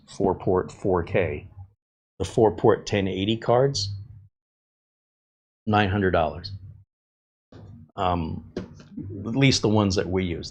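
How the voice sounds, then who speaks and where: Slight background noise sits under this middle-aged man's low voice. He's a tech host building a computer, chatting casually with plenty of fillers and wandering off on tangents as he works.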